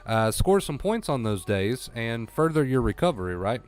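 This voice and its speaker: A man's voice: medium pitch, big pitch swings, normal speed, a little mellow, clear, resonant tone. A man coaching viewers through anxiety recovery on a live stream, blunt and repeating himself for emphasis. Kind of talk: live-stream talk to chat.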